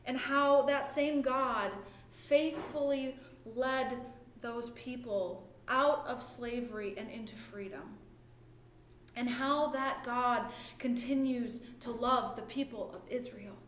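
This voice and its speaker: A woman's voice: a little high, steady tone, slow, fairly bright tone, slight background noise. A woman pastor giving a conversational sermon, often checking in with "right?" and thinking aloud as she retells the story. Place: church or home during lockdown worship. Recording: echoey room with faint ambience.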